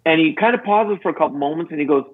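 A man's voice: rapid-fire, slightly rough. A middle-aged man telling a story as a podcast guest, acting out the voices of the people in it. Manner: acts out quoted voices, lively pitch jumps. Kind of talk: animated storytelling. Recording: tinny phone-like line.

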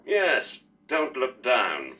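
A boastful veteran astronaut, played by a man in a scripted textbook sketch. The voice is bright and bouncy, sitting a little high. It sounds distant, as if played back across a classroom. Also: huge pitch swings, extremely slow, exaggerated voice. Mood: dry. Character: seasoned boastful male astronaut, adult. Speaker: voice actor in textbook audio. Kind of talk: scripted dialogue reading.

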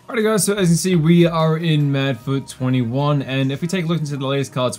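A man's voice: a little high, expressive, fast talker, hardly any pauses, a little mellow, faint music behind. A man giving casual, chatty gameplay commentary while slightly losing his voice. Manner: chatty, laid-back, rambling. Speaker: gaming YouTuber.

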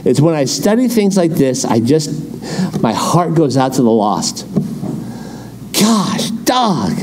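Middle-aged male pastor, Californian accent, lively preaching voice, mellow tone, faint noise behind. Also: fairly high pitch, a little slow. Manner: animated, exhorting, folksy asides. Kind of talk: sermon.

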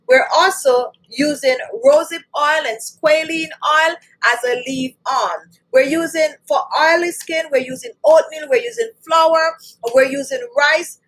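A woman's voice: high-pitched, fairly bright tone, low-quality recording. A woman hosting a beauty channel, talking casually and directly to her viewers as she runs through home remedies and answers questions. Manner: chatty, repeats lists, addresses viewers directly. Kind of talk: casual live-stream skincare chat.

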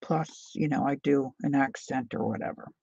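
A woman's voice: a bass voice, normal speed, gravelly, dark tone, husky, no echo, highs cut off. A woman hosting a casual painting tutorial, chatty and often drifting into side stories as she works.

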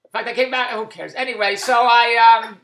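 A man delivering an exasperated comic rant to the camera, loud and full of rhetorical questions. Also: very high voice, steady tone, a little fast. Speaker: vlogger. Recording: echoey room.

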